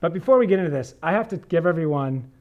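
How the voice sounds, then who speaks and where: A man's voice: fairly high pitch, animated, fast talker, narrow, tinny audio. A man preaching as a pastor, reading scripture and talking through it in an earnest conversational sermon.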